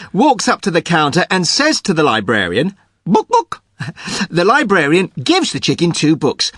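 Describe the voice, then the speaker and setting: A man's voice: on the high side, fairly bright tone, dry recording, studio quality. A man telling a silly scripted joke, hesitant at first and chuckling at his own lines. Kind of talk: scripted comic storytelling.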